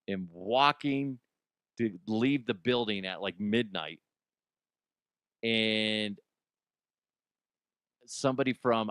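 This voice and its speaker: Profane, rambling middle-aged radio host. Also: male voice, fairly low pitch, fairly bright tone, smooth, no echo, studio quality. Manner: profane, self-deprecating, rambling. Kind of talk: casual comedic talk radio monologue.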